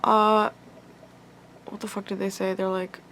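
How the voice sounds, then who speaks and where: A young woman vlogger retells an upsetting story, emotional and rambling, packed with "like" and swearing. Her mid-range voice is a bit bright, level in tone, and unhurried.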